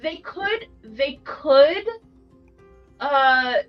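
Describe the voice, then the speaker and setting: A woman with a fairly high, lively voice talks slowly in casual chat, reacting with laughs. Her sound is dull and lo-fi, with faint music behind her.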